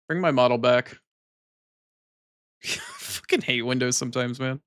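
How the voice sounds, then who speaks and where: A man's voice: mid-range voice, brisk, pauses often, bright, forceful tone, clean tone, dry recording, clean studio sound. A man streaming live, bantering with his chat casually, teasing and swearing freely.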